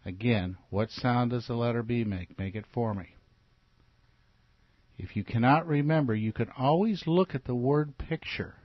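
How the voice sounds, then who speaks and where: A man's voice: mid-range voice, moderate pace, no room sound. A man teaching children letter sounds in a phonics lesson, patient and repetitive, asking them to repeat after him. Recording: dull, lo-fi recording.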